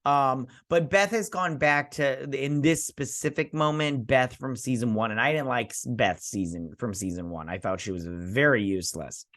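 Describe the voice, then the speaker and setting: In studio-quality audio with no echo, a TV show reviewer with a mid-range voice recaps an episode at a moderate pace with few pauses. He's casual and animated, rambling through fillers and restarts while acting out what the characters say.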